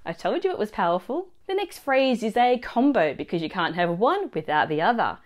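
A woman teaching a language lesson, explaining phrases and their pronunciation clearly and slowly. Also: medium pitch, big pitch swings. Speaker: Italian teacher.

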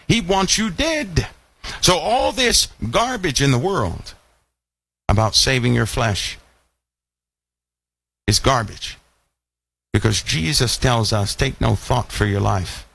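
A man preaching with a lively voice that swings up and down. He speaks at a medium pitch and keeps asking his listeners rhetorical questions as he teaches a Bible lesson. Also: husky. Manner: animated, full of rhetorical questions. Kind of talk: live online sermon.

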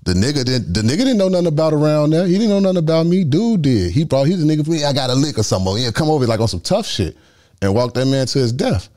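Fast-talking Chicago man telling street stories. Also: on the high side. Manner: animated, acts out voices, heavy slang. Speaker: guest storyteller. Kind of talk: casual street storytelling.

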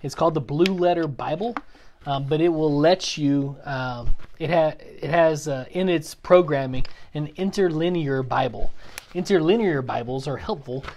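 A man teaching a Bible class in a relaxed, explanatory way, with plenty of fillers and restarts. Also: a little high, moderate pace, highs cut off, a little hiss or hum. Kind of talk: casual teaching talk. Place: church classroom.

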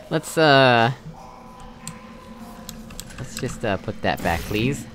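Over background music, a young Texan man with a medium-pitched, very animated voice talks very slowly while playing a puzzle game. It's casual let's-play commentary: he muses aloud, chuckles, and pokes fun at himself.

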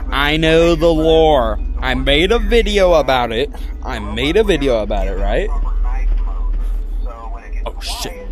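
A young man giving jokey commentary while playing a horror game, talking to the characters and yelping when startled. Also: medium pitch. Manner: jokey, talks to the game characters, jumpy yelps. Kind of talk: casual let's-play commentary. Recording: music playing behind the voice.

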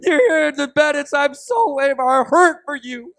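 A man voicing a tearful, overly sympathetic man in a sermon skit, wailing loudly. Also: extremely high pitch, expressive, normal speed, vocal fry, no echo, studio quality, voice pushed up, full character voice. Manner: sobbing, emotional, loud. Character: weepy, overly sympathetic man with the gift of mercy.

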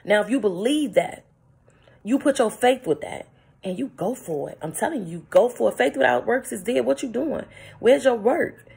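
A woman's voice: fairly high pitch, expressive, normal speed, creaky, a little mellow, breathy edge. A woman giving an emphatic, preachy motivational morning talk, laughing often as she speaks. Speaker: vlogger. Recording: phone-recorded vlog.

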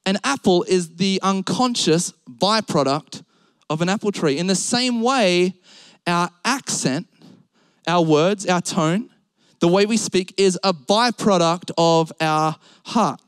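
A man's voice: high-pitched, slow pace, smooth, dry recording. A young Australian man preaching a sermon, mixing humorous stories with Bible quotes. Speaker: pastor.

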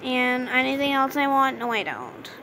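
A woman giving casual gameplay commentary, chatty and excitable, reading game dialogue aloud. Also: sits high, normal speed. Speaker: gaming video creator. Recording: noticeable background noise.

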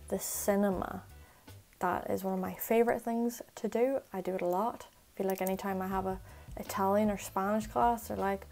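A woman tutor teaching phrases in a casual spoken lesson, explaining quickly in a chatty way and repeating examples slowly. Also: medium pitch, steady tone, dark tone, faint music behind. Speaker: Irish language tutor.

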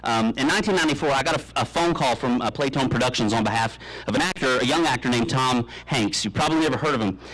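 Man, 30s, graduation speaker, dry deadpan humor, halting fillers, mid-range voice. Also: medium pitch, rough recording. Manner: deadpan tall tales with many ums. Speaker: commencement speaker. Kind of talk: humorous commencement speech. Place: graduation ceremony, speaking to an audience.

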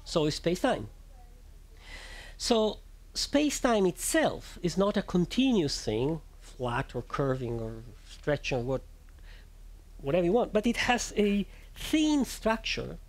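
A man from Italy with an Italian accent, giving a public lecture on physics and often pausing to search for words. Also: on the high side. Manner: thoughtful, searching for words, with restarts and fillers.

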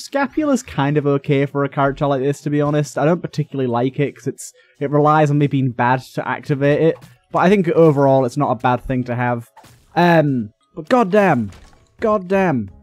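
A man from the UK giving casual, sweary commentary while playing a video game, complaining loudly and chatting to his viewers. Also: on the high side. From United Kingdom. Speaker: gaming YouTuber. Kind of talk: casual let's-play commentary.

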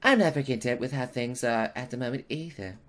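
A man's voice: mid-range voice, fairly quick, a bit bright, voice pushed down, close to an everyday voice. Man reading as a proud young sword witch. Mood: earnest. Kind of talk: reading game dialogue aloud.

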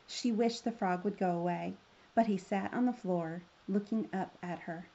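A woman reading a children's fairy tale aloud in a gentle, expressive way. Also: mid-range voice, normal speed. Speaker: storyteller. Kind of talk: children's story read-aloud. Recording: slightly dull lo-fi sound.

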